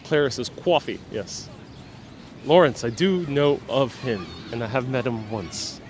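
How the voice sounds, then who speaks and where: A man hosting a casual walking live stream outdoors on city streets, joking deadpan and reading out viewer comments on a clip-on mic. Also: medium pitch, unhurried, slight background noise. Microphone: wireless clip-on mic while walking.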